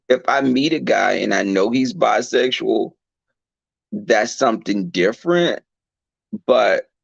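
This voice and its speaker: A man telling a candid personal story in a blunt, animated and profane way. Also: on the low side, vocal fry, no room sound, muffled recording. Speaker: podcast host.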